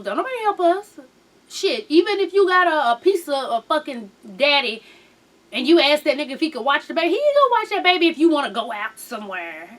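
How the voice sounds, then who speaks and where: A high-voiced woman, her pitch swinging widely as she chats. She recaps a reality show casually and with plenty of swearing, acting out the lines of the people she talks about. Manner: animated and profane, mimics people in quotes.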